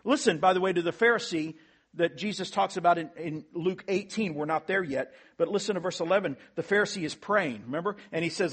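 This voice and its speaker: Husky-voiced man preaching a sermon. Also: a little high, fairly quick, a bit bright. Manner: earnest preaching with rising emphatic peaks. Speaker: pastor.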